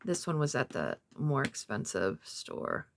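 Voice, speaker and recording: A woman in her fifties with a low, gravelly voice talks through a thrift haul in a loose, rambling way, full of fillers. A faint hiss sits under the recording. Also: huge pitch swings, measured pace. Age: 50s. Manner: rambling, chatty, many fillers. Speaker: craft vlogger. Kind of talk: casual show-and-tell of a thrift haul.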